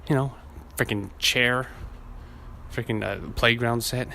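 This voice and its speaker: A man alone on his podcast rambles through a casual rant, cursing freely and laughing at his own stories while hot and sweaty. His mid-range voice is steady, slow, gravelly, bright and forceful, with a little hiss or hum on the recording.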